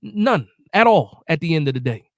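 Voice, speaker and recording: High-voiced man ranting after a game. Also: very animated, brisk, no echo, clean studio sound. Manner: emotional, ranting, repeats himself; reads and answers live chat. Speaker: sports reaction streamer. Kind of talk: live post-game reaction stream.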